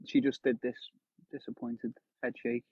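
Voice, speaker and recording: A man's voice: mid-range voice, level tone, normal speed, husky, dry recording. Chatty man on a tinny phone line. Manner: chatty, answers viewer comments while fishing. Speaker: fishing livestreamer. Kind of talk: casual live-stream chat. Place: outdoors on a windy shore. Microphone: phone live stream. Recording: dry tinny phone audio.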